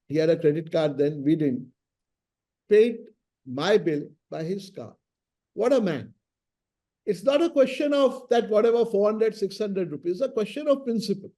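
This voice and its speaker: A middle-aged man with an Indian English accent, a senior lawyer telling anecdotes about his mentor in an interview and acting out the dialogue. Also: high voice. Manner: lively raconteur acting out quoted dialogue.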